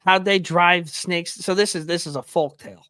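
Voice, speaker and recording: A man's voice: high voice, fairly even intonation, moderate pace, sharp tone, no room sound, clean studio sound. A young man co-hosting a hockey podcast in casual banter, swearing often and calling his co-host "dude". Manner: swears a lot, says "dude".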